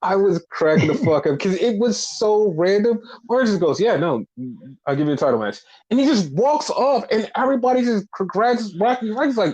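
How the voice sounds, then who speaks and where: A man hosting a podcast, casually recapping wrestling in a profane, animated way and acting out what people said. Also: high voice, fairly quick, lo-fi sound. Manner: animated, profane, acts out quoted lines. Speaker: podcast host.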